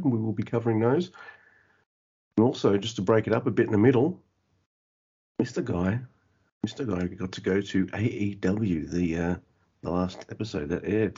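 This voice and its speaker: A man's voice: deep voice, dark tone, slightly rough, lo-fi sound. A man hosting a casual podcast, joking and laid-back as he runs through plugs and news. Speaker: podcast host.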